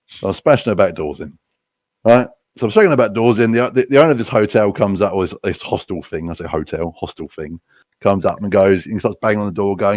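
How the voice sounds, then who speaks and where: Low-voiced crude British storyteller man. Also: animated, fast talker, darkish tone, dry recording. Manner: crude, profane, laughing at his own stories. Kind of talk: casual anecdote telling.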